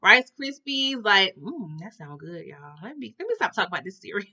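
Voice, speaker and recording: A woman's voice: medium pitch, sing-song, moderate pace, sharp tone, highs cut off. A woman recapping a show in a casual, chatty storytelling style, talking straight to her viewers and reacting big. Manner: chatty, addresses viewers as "y'all", exaggerated reactions. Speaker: episode recap host.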